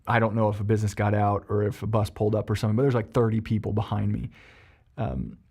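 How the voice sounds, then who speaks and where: On a podcast, a therapist with a fairly low voice explains emotions and shares a personal story. He's animated, with plenty of ums and restarts.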